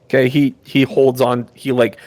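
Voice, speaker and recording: A man's voice: medium pitch, little pitch movement, normal speed, a little mellow. A man running a tabletop game as game master, narrating with many ums and restarts. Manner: hesitant, filler-heavy narration with many restarts.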